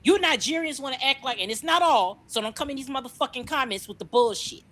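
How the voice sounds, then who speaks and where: A woman's voice: high voice, quick pace, a bit bright. A woman delivering a furious, profane rant packed with repeated rhetorical questions.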